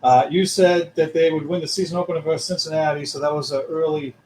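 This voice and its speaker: A man's voice: on the high side, fairly even intonation, fast talker, darkish tone, slight background noise, low-quality recording. A man with a Boston accent, co-hosting a sports podcast, grumpy and given to emphatic rants. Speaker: podcast co-host. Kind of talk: casual sports chat.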